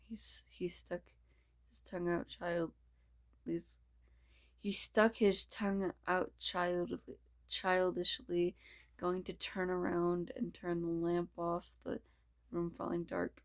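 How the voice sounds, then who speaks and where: Slow-reading woman, stumbling narration. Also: on the low side, flat delivery, vocal fry, a little mellow. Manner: stumbling, restarting, laughing asides. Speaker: reader. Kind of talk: reading fan fiction aloud.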